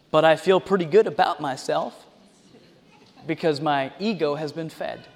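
A man preaching a sermon, animated, with mocking asides and mimicry. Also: high voice, moderate pace. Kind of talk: sermon with impressions and sung examples. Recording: long hall reverb.

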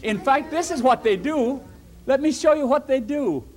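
A man's voice: extremely high pitch, normal speed. A man preaching by telling a Bible story to children, directing them as they act it out. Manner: animated, theatrical, directing children acting out the story.

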